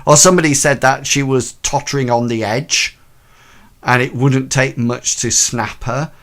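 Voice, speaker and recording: A man's voice: medium pitch, fairly even intonation, moderate pace, fairly bright tone. A man narrating a tabletop role-playing game as game master, in a hesitant way with many ums and restarts.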